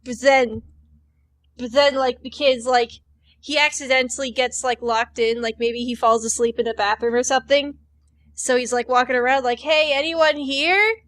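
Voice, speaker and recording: A woman's voice: on the high side, steady tone, moderate pace. A woman co-hosting a comedy podcast, rambling through an idea with lots of "like" and little acted-out voices. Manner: rambling, filler-heavy, acts out characters. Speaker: podcast co-host. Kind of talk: casual comedic chat.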